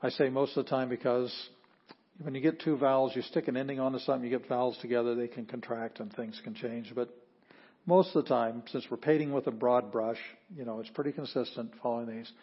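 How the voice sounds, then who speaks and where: A man teaching a language class, explaining patiently with frequent pauses and fillers. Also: mid-range voice, steady tone, husky, dull audio. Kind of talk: classroom lecture.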